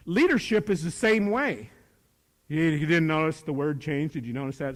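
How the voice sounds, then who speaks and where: An older man giving a live motivational talk to young people, animated and swinging between loud bursts and hushed asides. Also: fairly high pitch, moderate pace. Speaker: motivational speaker. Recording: reverberant hall.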